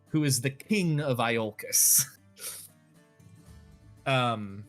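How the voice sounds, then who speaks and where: A man's voice: mid-range voice, extremely slow, pauses often, fairly bright tone, soft background music. A man narrating a tabletop game as game master, hesitating often with fillers.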